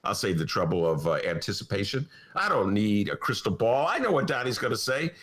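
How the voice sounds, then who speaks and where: A man in his sixties hosting a political podcast from a studio, sarcastic and animated, laughing as he mocks. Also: lowish voice, brisk. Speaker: podcast host. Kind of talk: satirical political talk.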